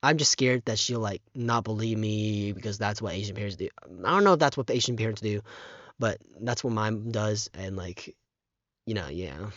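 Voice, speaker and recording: A teenage boy talking haltingly in a casual vlog, close to tears, with many fillers and restarts, on a dull, muffled microphone. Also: lowish voice, a bit bright, no echo. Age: teens. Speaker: vlogger.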